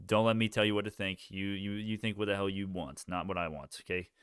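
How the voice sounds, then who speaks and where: A man's voice: low-pitched, steady tone, a little fast, fairly bright tone, clear, resonant tone, dry recording, studio quality. A young man hosting a casual stock live stream, rambling, reading the chat and restarting sentences.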